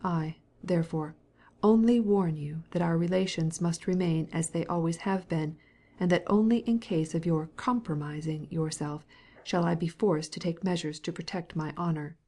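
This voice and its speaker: A woman's voice: fairly low pitch, normal speed, dark tone. A woman voicing a cold, formal, resentful middle-aged husband in an audiobook, speaking in a clipped, cold way.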